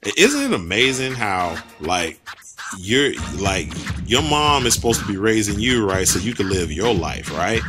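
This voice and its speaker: A man with a low voice gives a casual film review in blunt street slang. He talks in an animated way, full of asides and restarts. Music plays clearly underneath. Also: measured pace.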